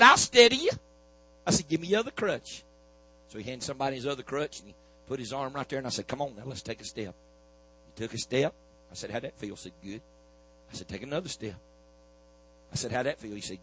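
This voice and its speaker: A man's voice: mid-range voice, expressive, fast talker, pauses often, slight background noise, poor audio. A man preaching a sermon, telling a healing story in a folksy back-and-forth of "I said, he said". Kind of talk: sermon testimony.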